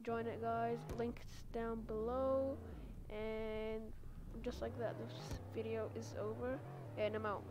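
Woman, higher voice, chatty gameplay commentary, internet slang, car engine roar underneath. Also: little pitch movement, takes it slowly. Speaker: gaming YouTuber. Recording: loud game car-engine noise behind.

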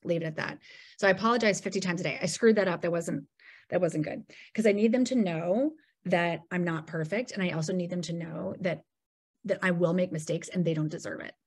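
Woman guest, lower register, chatty storyteller who keeps saying "like" and mimics what people said. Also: a little fast, slightly rough. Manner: animated storyteller who acts out quoted dialogue and leans on "like". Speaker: podcast guest. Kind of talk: casual storytelling interview.

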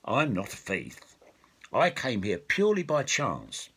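A man's voice: mid-range voice, wildly swooping pitch, a little slow, a bit bright, husky, pitched above the performer's own voice, exaggerated voice. A man voicing a polite, earnest young prince in a storybook reading.

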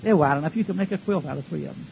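A man's voice: a little high, very fast, creaky. A man preaching a sermon in a folksy, emphatic way, throwing rhetorical questions at his congregation. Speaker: pastor. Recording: dull lo-fi recording with faint hiss.

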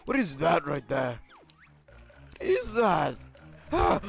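His heavily acted voice is fairly high, with wildly swooping pitch, slow, creaky and slightly rough, over soft background music. The game player parodies a hot-tempered, arrogant alien warrior prince in a comedic let's-play, brashly insulting and yelping in panic.

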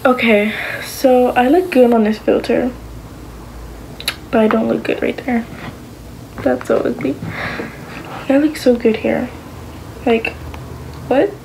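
Chatty rambling vlogger girl, higher voice. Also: fairly even intonation, slow pace, gravelly, pauses often, background noise. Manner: rambling, with many fillers like "like" and "um". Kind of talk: casual chat to camera.

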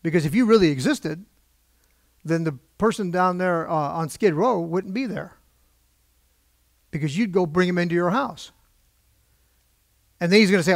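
Pastor guy preaching, chatty and emotional, kinda high gravelly voice, dry sound. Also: moderate pace, pauses often, dry recording. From United States. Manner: conversational, questioning the congregation; emotional, gets worked up. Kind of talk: sermon. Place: church pulpit.

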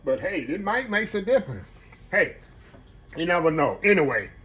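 A man's voice: high voice, big pitch swings, normal speed, a bit bright. A man hosting a casual home cooking vlog, folksy and chatty, talking straight to his viewers. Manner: chatty, folksy, keeps calling the audience y'all. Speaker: cooking channel host.

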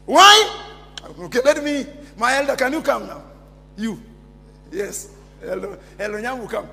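A man preaching a sermon as pastor, calling out to the congregation and often shouting. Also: extremely high pitch, expressive, unhurried, creaky, slight background noise. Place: church hall. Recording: reverberant church hall.

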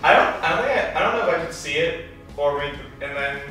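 A man's voice: on the high side, lively intonation, quick pace, sharp tone. A young man, a student podcast host, chatting casually and animatedly, often trailing off mid-sentence. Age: young adult. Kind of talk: casual chat. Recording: echoey room, voice from a distance, music behind.

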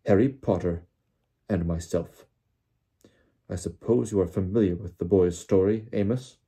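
Brief: storybook role, man reading as a stern, coldly furious older official, low voice. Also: measured pace, dark tone, breathy edge, exaggerated voice. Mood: cold anger. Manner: clipped, icily angry. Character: cold stern senior male ministry official.

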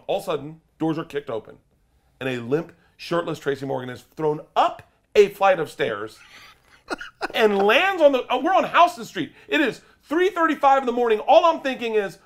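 A man's voice: a little high, fairly quick. Rowdy, profane storytelling man. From United States. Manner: profane, excitable, jumps into loud shouted bits when telling stories. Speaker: stand-up comedian guest. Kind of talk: animated storytelling.

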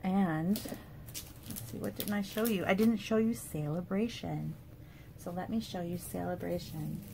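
A woman casually showing off paper craft products in a chatty, enthusiastic way, with fillers and quick asides. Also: on the low side, vocal fry, mellow, slight background noise. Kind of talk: casual product show-and-tell.

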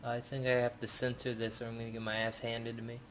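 A man commenting on his own video game playthrough, cursing and yelling at what happens on screen. His voice is mid-pitched, and noisy game sound runs behind him. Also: monotone, fast. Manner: rowdy, profane, yelling at the game. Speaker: gamer playing a video game. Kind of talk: let's play commentary.

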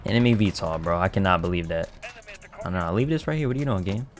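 Man, very low voice, gravelly, slangy live gameplay commentary, excitable, trash-talking. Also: quick pace, soft background music. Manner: excitable, talks trash to other players, bursts into shouts; casual slang-heavy banter. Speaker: gaming YouTuber.

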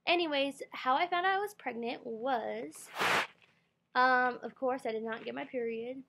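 A woman's voice: sits high, a little slow, vocal fry, background noise. A young woman telling a rambling storytime vlog into her computer's built-in mic, full of fillers and quoted self-talk. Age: young adult. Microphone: computer webcam mic.

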